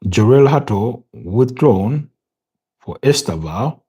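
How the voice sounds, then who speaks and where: A man's voice: medium pitch, animated, slow pace, mellow, breathy edge. A tired man from Uganda doing a live football watch-along, thinking aloud with hesitations and repeated words. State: tired, yawning. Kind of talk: live match commentary and chat.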